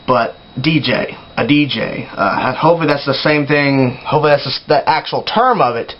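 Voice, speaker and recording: A young man hosting a casual opinion vlog, talking in an animated, exasperated way with sighs and mock yells. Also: medium pitch, normal speed, highs cut off. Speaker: metal video blogger.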